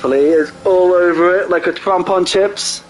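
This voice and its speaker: A man giving casual live sim racing commentary, excitable and jokey, often laughing at his own crude remarks. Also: sits high, unhurried, slight background noise, low-quality recording. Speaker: race commentator.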